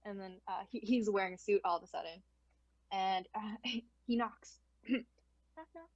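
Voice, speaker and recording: A woman's voice: medium pitch, moderate pace, no echo, dull audio. A young woman narrating a tabletop game as game master, casual and giggly, with lots of fillers.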